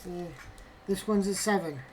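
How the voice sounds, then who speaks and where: Opening graded trading cards, a woman talks to herself in a mid-range voice at a slightly slow pace, giving casual unboxing commentary. Bad results draw mock-dramatic laments. A little hiss or hum is audible.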